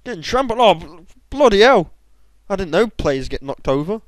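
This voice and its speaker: Young man, gameplay commentary, excitable, bursts into shouts, slightly high voice. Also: moderate pace, no echo, low-quality recording. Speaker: gamer.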